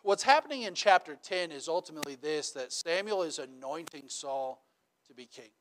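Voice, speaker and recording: A pastor with a fairly high-pitched voice preaches at a moderate pace, with slight background noise. His sermon is casual and conversational, often checking in with rhetorical questions like "right?" He tells animated stories with humor.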